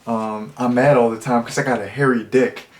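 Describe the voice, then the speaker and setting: A man's voice: medium pitch, fairly even intonation, moderate pace, close to an everyday voice. A man voicing a macho, aggressive young frat bro who talks bluntly and crudely. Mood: brash.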